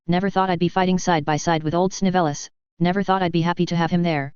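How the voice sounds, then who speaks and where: Woman narrator, steady storybook read, smooth low voice, muffled lo-fi sound. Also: fast, no room sound. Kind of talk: fan fiction audiobook reading. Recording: dull dry lo-fi audio.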